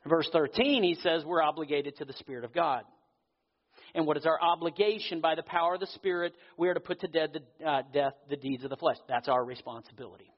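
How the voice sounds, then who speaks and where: Earnest male pastor in a reverberant hall. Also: on the high side. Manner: earnest preaching, with pauses and slowed emphasis. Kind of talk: sermon. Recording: dull audio with long hall reverb.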